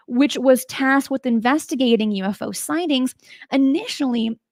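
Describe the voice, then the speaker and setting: A woman with a fairly high voice hosts a show on unexplained cases. She talks in a chatty, emphatic way and keeps asking her listeners questions. The recording is dry and close, with no room sound. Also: darkish tone, no room sound. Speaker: host. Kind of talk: casual spoken narration of paranormal cases.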